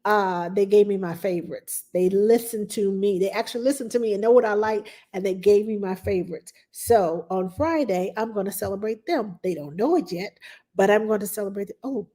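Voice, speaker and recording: Chatty woman, mellow voice. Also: medium pitch, brisk. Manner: chatty, rambling, with frequent fillers and laughs. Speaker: nanny hosting a live Q&A stream. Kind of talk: casual live-stream sign-off chat.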